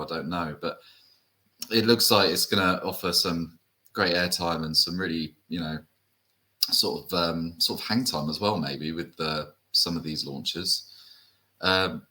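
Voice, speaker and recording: A man's voice: low-pitched, bright, forceful tone. A man from the UK co-hosting an enthusiast show, chatting hesitantly with fillers and tag questions. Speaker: co-host. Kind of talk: casual chat.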